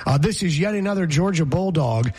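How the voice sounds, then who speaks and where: A man with a husky, slightly high voice co-hosts a sports talk show. He talks in a loose, opinionated way and likes to toss trivia questions at his partner. His delivery is casual and conversational. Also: lively intonation, brisk, darkish tone. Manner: opinionated, quizzes his co-host. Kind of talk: casual sports radio chat.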